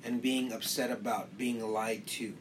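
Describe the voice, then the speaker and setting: A man's voice: on the low side, steady tone, unhurried, noisy background. A man co-hosting a casual podcast discussion, agreeable and chiming in often. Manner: agreeable, chimes in with short affirmations. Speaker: podcast co-host.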